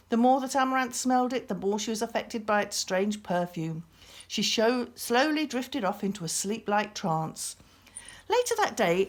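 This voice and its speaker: A woman reading a children's story aloud in an expressive, playful way. Her voice is lively and sings up and down as she narrates. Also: mid-range voice.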